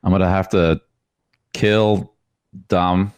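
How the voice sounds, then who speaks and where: A man with a somewhat low voice jokes his way through a podcast chat, often stopping and restarting. The recording is dry and close. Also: steady tone, clear, resonant tone, no room sound. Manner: halting, jokey. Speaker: podcast co-host. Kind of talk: casual chat.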